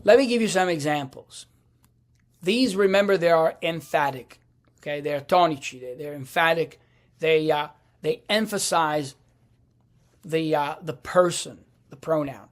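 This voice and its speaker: Male language teacher, slow deliberate delivery, hesitant restarts, explaining a lesson. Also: fairly high pitch.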